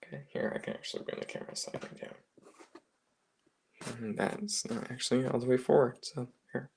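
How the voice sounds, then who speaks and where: A man casually reviewing a toy, talking softly with mumbled, half-whispered asides. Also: medium pitch, steady tone, a little fast, vocal fry, slight background noise.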